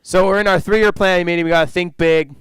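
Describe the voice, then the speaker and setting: A man's voice: high-pitched, fairly even intonation, fast, a bit bright, clean tone, no echo. A young man doing stand-up at a conference, rambling and interrupting himself as he laughs at his own jokes. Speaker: stand-up comedian. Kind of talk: stand-up comedy. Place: conference stage.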